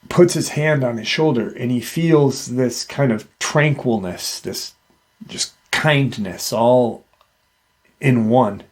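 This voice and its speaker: Guy hosting a paranormal show, slow unhurried drawl, rambly with lots of "you know". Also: mid-range voice. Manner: rambling, hesitant, lots of fillers. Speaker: podcast host. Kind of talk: casual paranormal storytelling.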